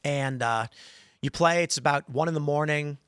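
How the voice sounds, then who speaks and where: Higher-pitched male host spinning stories. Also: normal speed, clean tone, dry recording, studio quality. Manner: animated storyteller, acts out quoted voices. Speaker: podcast host. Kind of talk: casual talk-show chat.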